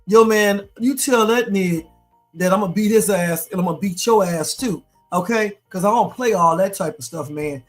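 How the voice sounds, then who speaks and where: Woman playing a loud, confrontational tough-guy husband, prank call, middle pitch. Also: normal speed, soft background music, close to an everyday voice. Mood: bluster. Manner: loud, confrontational street talk. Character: her pretend husband, a brash, threatening man. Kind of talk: prank phone call re-enactment.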